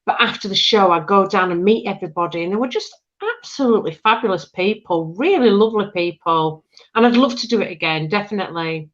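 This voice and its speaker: A woman's voice: medium pitch, a little fast, muffled recording. A woman singer with an English accent, chatting in an interview and laughing often. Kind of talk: casual interview chat.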